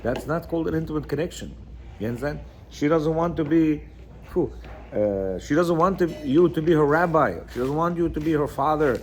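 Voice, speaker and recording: A man's voice: on the high side, fairly quick. A man teaching a lecture on marriage, reading from a text and explaining it in a conversational, emphatic way with frequent asides. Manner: conversational, many "you know" asides, emphatic. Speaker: religious teacher.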